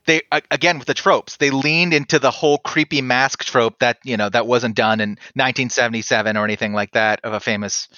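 Guy rambling on a podcast, kinda sarcastic, bright edgy voice, muffled dry lo-fi sound. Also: mid-range voice, fairly even intonation, fairly quick, few pauses. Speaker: podcast co-host. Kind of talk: casual chat.

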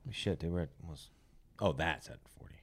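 A man's voice: rumbling low, brisk, slight background noise. A young man co-hosting a comedy podcast, rambling through a profane story and laughing as he goes. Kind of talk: casual crude storytelling.

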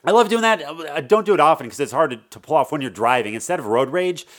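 A man's voice: on the high side, lively intonation, fast talker, a bit bright. A man co-hosting a casual podcast chat, telling a story in a laid-back way and laughing easily. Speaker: podcast co-host.

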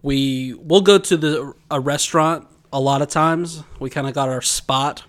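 A man's voice: on the high side, fairly even intonation, measured pace, a bit bright. A man, co-hosting a podcast, telling a long dream story in casual chat and laughing often as he goes. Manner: rambling, laughs often while telling stories. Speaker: podcast co-host.

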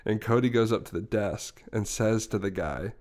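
A young male podcast co-host with a lowish, darkish voice speaks at normal speed. He casually rambles through a long story, laughing often and restarting frequently.

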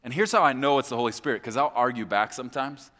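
A man preaching a sermon as pastor on a church stage, emphatic, swinging between hushed and loud. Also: medium pitch, quick pace. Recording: echoey hall with long reverb.

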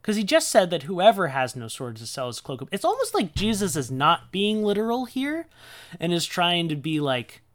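Man, podcast host, casual chat, laughs often, fillers, slightly high voice. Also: huge pitch swings, moderate pace. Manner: chatty, laughs often, many fillers and restarts. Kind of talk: casual podcast talk on scripture.

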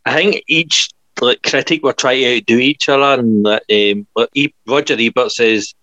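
A man's voice: medium pitch, normal speed, hardly any pauses, bright, forceful tone, no room sound, highs cut off. A man co-hosting a podcast, casually reviewing films with frequent laughs. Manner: laughing, rambling film reviews. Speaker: podcast co-host. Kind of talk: casual chat.

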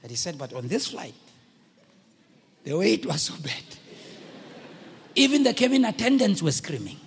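A man delivers a sermon in a strikingly high, husky voice. He swings between hushed storytelling and loud exhortation with a lively, rising-and-falling pitch. His voice carries a long reverb, as in a large hall. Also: moderate pace, slight background noise. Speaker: preacher.

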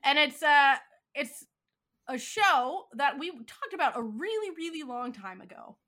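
A woman with a high, bright, sharp voice co-hosts a casual podcast. She tells chatty, self-deprecating stories from her own life. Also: animated, unhurried. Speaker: podcast co-host. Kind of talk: casual chat.

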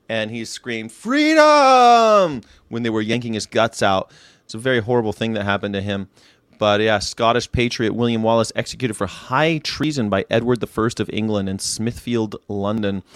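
A man's voice: mid-range voice, clear, resonant tone, no room sound, clean studio sound. A man in his late thirties hosting a daily vegan show, chatting casually and irreverently about history, rambling, swearing and firing off rhetorical questions. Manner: rhetorical questions, wry commentary.

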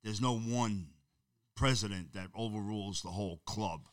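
Low-voiced blunt New man. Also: normal speed, no echo, far from the mic. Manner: blunt, emphatic storyteller. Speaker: guest. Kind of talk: casual chat.

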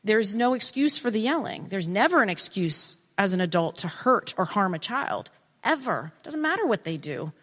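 A middle-aged woman giving an earnest, animated talk, often interrupting herself. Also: medium pitch, moderate pace, long reverb tail. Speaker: speaker on family relationships. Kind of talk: casual talk.

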